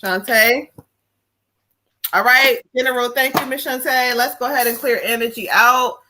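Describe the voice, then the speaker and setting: A woman's voice: fairly high pitch, normal speed, sharp tone, a little hiss or hum. A woman medium giving spirit readings on a live stream, emotional and profane. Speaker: psychic medium.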